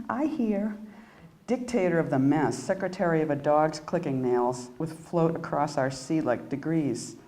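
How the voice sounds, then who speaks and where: A woman with a low voice reads her own poems aloud in an echoey room. Between pieces she stumbles through halting, self-mocking asides. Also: dark tone. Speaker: poet giving a reading. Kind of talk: live poetry reading. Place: indoor reading room at an arts center.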